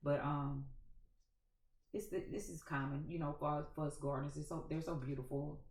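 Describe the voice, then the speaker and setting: A woman's voice: deep voice, steady tone, moderate pace, darkish tone. A woman with a thick Louisiana accent hosting a gardening channel, chatting folksily to viewers with a dry, scratchy throat. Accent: Louisiana Southern. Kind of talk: casual chat to camera. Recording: echoey room.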